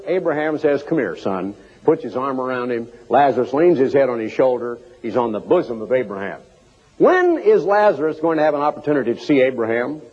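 A man delivers a sermon in a husky, somewhat raspy voice. His pitch rises and falls dramatically as he acts out the scripture story and stresses key verses. The recording is dull and lo-fi. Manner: dramatic, animated storytelling with emphatic scripture quotes. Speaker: preacher.

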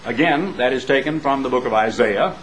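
A man's voice: mid-range voice, fairly quick, a bit bright, a little hiss or hum, low-quality recording. A man preaching a sermon in a folksy, emphatic way, building up with rhetorical questions and homespun asides.

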